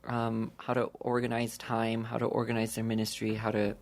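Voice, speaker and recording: A man's voice: medium pitch, completely flat delivery, moderate pace, slight background noise. Chuckling man telling a rambling story. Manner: rambling, laughs often between phrases. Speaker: podcast guest, young adult ministry leader. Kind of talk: casual storytelling chat.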